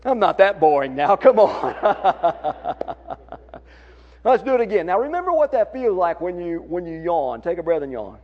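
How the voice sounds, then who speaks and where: A man's voice: sits high, big pitch swings, fairly quick, few pauses. A man with a Southern accent leading a church congregation in singing tips, folksy and encouraging. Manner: folksy, encouraging, demonstrates voice techniques. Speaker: church song leader. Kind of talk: singing workshop instruction. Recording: muffled lo-fi recording.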